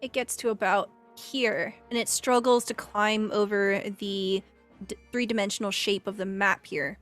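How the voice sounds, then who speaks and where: A woman's voice: mid-range voice, steady tone, a little slow, a bit bright, soft background music. A woman narrating a tabletop game as game master, casual and filler-heavy.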